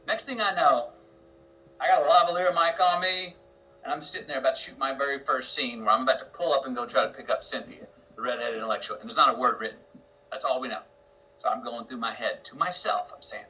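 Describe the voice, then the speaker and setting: A man in his fifties, a guest actor, telling a long story in an interview with a slow drawl, murmuring his inner lines. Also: mid-range voice, sharp tone, a little hiss or hum, poor audio. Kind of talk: storytelling interview on a video call.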